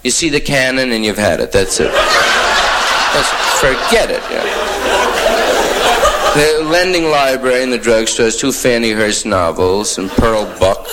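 A man's voice: mid-range voice, expressive, unhurried, long pauses. A man from New York doing a rambling stand-up monologue full of hip slang, wry and offhand, in a noisy old live recording. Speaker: stand-up comedian.

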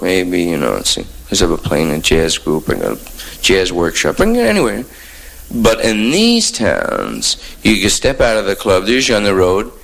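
A man's voice: medium pitch, fairly bright tone. A man from New York doing a rambling stand-up monologue full of hip slang, wry and offhand, in a noisy old live recording. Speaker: stand-up comedian.

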